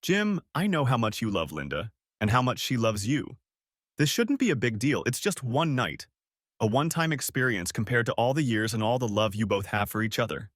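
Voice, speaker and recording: A man voicing a calm woman who speaks softly but firmly, in a story audiobook. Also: medium pitch, moderate pace, dry recording, studio quality. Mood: soothing. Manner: soft but firm, soothing. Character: calm persuasive woman, the wife's friend. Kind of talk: audiobook character voice.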